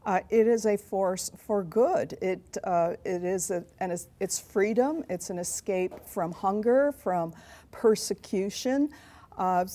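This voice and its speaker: A woman's voice: medium pitch, takes it slowly, dark tone. A woman answering interview questions, explaining her point earnestly. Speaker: guest.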